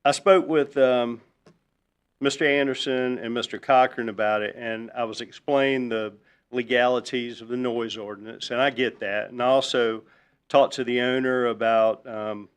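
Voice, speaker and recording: Man at a council hearing, smooth clear voice, easygoing and folksy with frequent ums. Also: mid-range voice, normal speed. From Virginia, US. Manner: relaxed, folksy, lots of ums. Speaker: resident speaking at public hearing. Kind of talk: public comment at a council meeting. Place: town council chamber.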